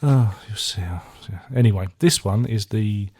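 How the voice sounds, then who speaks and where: Rambling man, low husky voice. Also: normal speed, darkish tone. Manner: rambling, self-mocking, dry jokes. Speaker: album reviewer. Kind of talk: casual chat.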